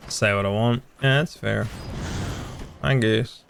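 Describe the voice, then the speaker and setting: Slow-talking young man chatting over a game. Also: fairly low pitch, creaky, a little hiss or hum. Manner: joking, teasing, swears freely. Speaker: gamer streaming with friends. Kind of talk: casual gameplay chat.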